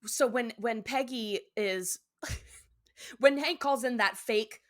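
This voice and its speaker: A woman's voice: on the high side, takes it slowly. A woman guest on a casual podcast, talking with enthusiasm, laughing often and acting out lines from a cartoon.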